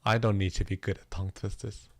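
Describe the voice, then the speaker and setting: Gravelly-voiced playful male streamer. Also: on the low side, flat delivery, fast talker, dry recording. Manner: playful, self-mocking, laughs often. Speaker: livestreaming musician. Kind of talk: casual chat with stream viewers.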